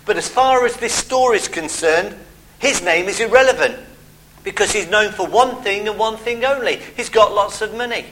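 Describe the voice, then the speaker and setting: A middle-aged man preaching a sermon, expressive, with emphatic pauses and personal asides. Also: high voice, a little hiss or hum, low-quality recording. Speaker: pastor.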